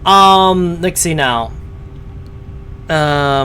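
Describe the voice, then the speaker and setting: A man's voice: on the high side, expressive, unhurried, a bit bright. A man giving casual live-stream commentary as he reacts to a story, rambling and hesitant with many fillers.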